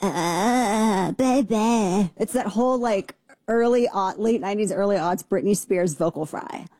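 A woman hosting a talk show, riffing on the news in a sarcastic, mocking way. Her voice is mellow and dark-toned, recorded close and dry with no room sound. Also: mid-range voice, brisk, no echo. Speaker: show host. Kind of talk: casual political commentary.

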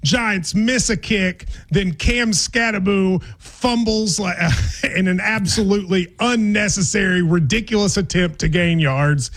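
A man from Kentucky hosting a sports radio show and podcast, playful and quick to laugh in casual talk. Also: high voice. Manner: playful, animated, laughs often.

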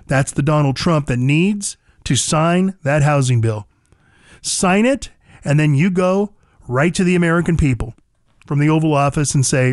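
A man's voice: on the high side, animated, normal speed, dry recording, studio quality. A man hosting a talk radio show, delivering an emphatic, fired-up opinion monologue and repeating phrases for punch.

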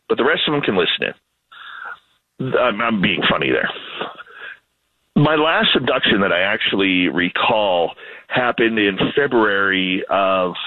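A Canadian man, a radio host, telling stories in a casual, animated, self-deprecating way. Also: medium pitch, dry recording, phone-quality sound. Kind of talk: casual storytelling conversation.

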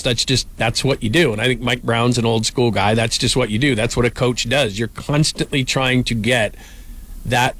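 Male sports commentator, casual, lively delivery with repeated starts. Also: mid-range voice. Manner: animated, repeats words as he starts sentences.

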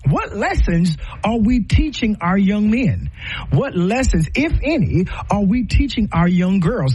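A middle-aged man hosting a talk show delivers impassioned, preacher-like commentary. His voice is husky and sits fairly high, and it swings widely in pitch as he builds through rhetorical questions and repeated lines. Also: a little mellow.

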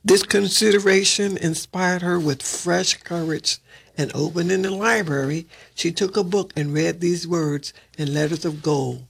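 A man reading a fairy tale aloud at a steady pace, with occasional slips and restarts. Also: sits high, a little slow, gravelly, husky. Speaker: reader. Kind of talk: storybook read-aloud.

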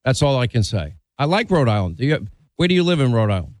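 A man's voice: medium pitch, big pitch swings, fast talker, darkish tone, no echo. Blunt opinionated male radio host. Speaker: radio talk show host. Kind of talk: call-in radio talk.

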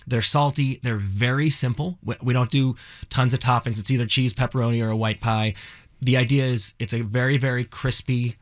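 A man from Cleveland who owns a bar, talking earnestly and quickly as a guest in a radio studio, often restarting his sentences. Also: mid-range voice, steady tone. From Cleveland, Ohio. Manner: earnest, fast, with many restarts. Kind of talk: casual interview.

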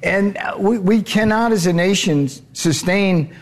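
Answering an interviewer, a trade adviser guest speaks bluntly and leans hard on his points, restarting and repeating words along the way. He keeps a measured pace, and his voice sits a little high for a man.

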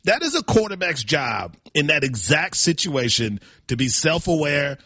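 A man co-hosting a casual sports talk show, animated and self-deprecating with quick restarts, on dry, slightly dull audio. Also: a little high, husky, no room sound.

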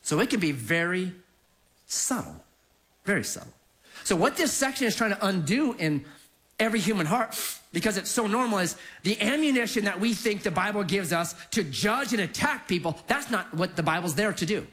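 A man's voice: high-pitched, normal speed. A middle-aged male pastor giving a sermon, telling stories with acted-out quotes. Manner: animated storytelling with acted quotes.

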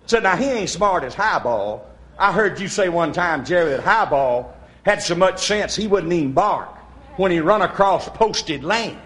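A man telling a comic yarn in a lively folksy drawl. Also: sits high, normal speed, slight background noise. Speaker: comedian. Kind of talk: storytelling comedy routine.

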